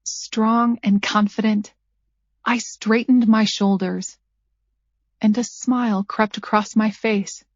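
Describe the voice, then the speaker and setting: A woman narrating a first-person thriller audiobook at a measured pace, her character's lines dryly sarcastic. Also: medium pitch, steady tone, no echo. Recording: dull lo-fi dry recording.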